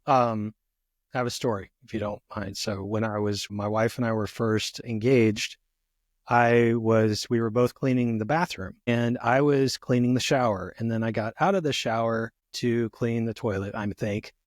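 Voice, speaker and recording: A man's voice: mid-range voice, fairly even intonation, normal speed, no room sound. Reflective man, dry close sound. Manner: reflective, uses many "you know" fillers. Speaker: guest therapist. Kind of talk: conversational podcast interview.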